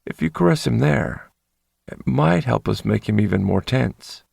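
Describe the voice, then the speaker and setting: A man doing a calm, commanding dom lover. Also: vocal fry, husky, dry recording, studio quality, full character voice. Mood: calm, coaxing. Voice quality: low, sexy, soothing. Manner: gentle authority, unhurried.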